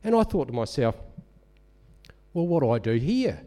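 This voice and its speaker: A man delivers a sermon as a relaxed, chatty story. His voice is mellow and warm, pitched in a middle range, and he talks as if to friends in the pews. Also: moderate pace. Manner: conversational storytelling, animated. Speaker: lay preacher.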